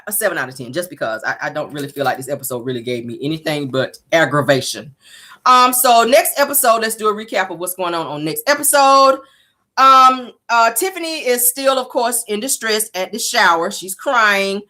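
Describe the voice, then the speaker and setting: A woman, casually recapping a reality show. She is blunt and sassy, swears freely, and acts out quotes with big jumps in pitch. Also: animated, normal speed, pushed and bright.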